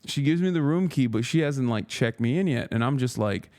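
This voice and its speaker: A man's voice: mid-range voice, lively intonation, a little fast, a little mellow. A man in his thirties, a streamer telling a long, profane, exasperated story in casual livestream chat.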